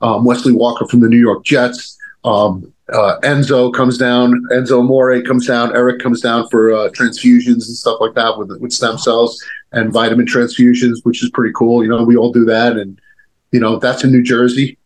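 A man's voice: medium pitch, flat delivery, normal speed, rough recording. A man in his fifties, a former wrestler, telling stories in a rambling, casual way, with many restarts, fillers and the odd swear word. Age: 50s. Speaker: guest, former pro wrestler. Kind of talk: casual storytelling chat.

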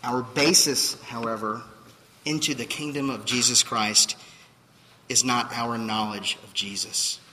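A man's voice: medium pitch, fairly even intonation, a little slow, bright, forceful tone, big-room sound, poor audio. A man preaching a sermon as pastor, emphatic and full of rhetorical questions. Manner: emphatic, rhetorical questions, acts out quoted voices.

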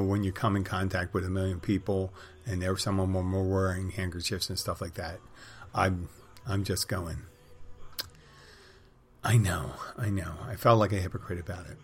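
A man's voice: sits low, little pitch movement, moderate pace, faint music behind. A middle-aged man rambling through a casual monologue, with wry, digressive, crude humor.

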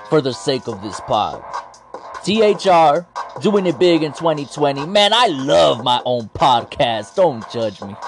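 A man hosting a wrestling podcast, talking in a playful, slangy, self-mocking way. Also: mid-range voice. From Latino. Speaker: podcast host. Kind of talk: casual wrestling podcast commentary.

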